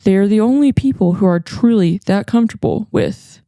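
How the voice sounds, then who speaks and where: A woman co-hosting a podcast in easy, casual chat, her voice at a middling pitch. She drops sarcastic one-liners, and the recording is close and dry, with no room sound. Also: mellow, dry recording. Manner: sarcastic, quick with wry asides. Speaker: podcast co-host.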